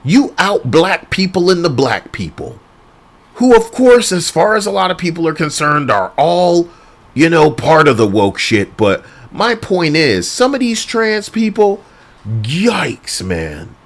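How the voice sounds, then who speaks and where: Slow, lively-pitched male streamer. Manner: crude, rambling, laughs often. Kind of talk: casual livestream rant.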